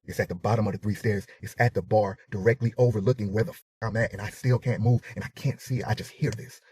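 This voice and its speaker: A man tells a personal story with a lot of drama, swearing freely and acting out each sound and his own panic as it happens. His voice sits low and a little husky, recorded close and dry. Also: fairly even intonation, fast, mellow, no echo. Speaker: storyteller in a reacted clip.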